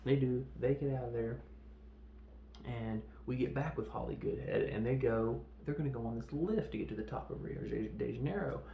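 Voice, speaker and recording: A man with a dark, gravelly voice retells a film scene by scene in a loose, rambling podcast recap. He acts out the characters' lines and adds sound effects as he goes. The recording is roomy and echoey, with a faint hiss of noise behind him. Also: mid-range voice, normal speed. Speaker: podcast host reviewing films. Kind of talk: casual movie recap.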